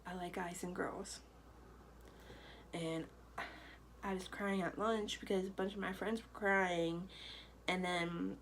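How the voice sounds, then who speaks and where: A woman's voice: lowish voice, a little hiss or hum, low-quality recording. A young woman telling a personal story to camera in a loose, chatty way, full of fillers. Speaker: vlogger.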